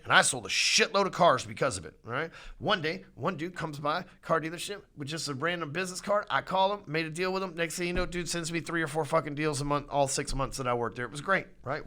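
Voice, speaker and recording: Brash, swearing man, bright voice. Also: high-pitched. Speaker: podcast host. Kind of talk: profane motivational sales talk.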